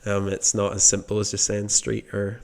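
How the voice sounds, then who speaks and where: A man's voice: lowish voice, completely flat delivery, normal speed, creaky, a little mellow. A man from the UK co-hosting a podcast, chatting casually and thinking aloud in meandering answers. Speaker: podcast co-host. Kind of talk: casual chat.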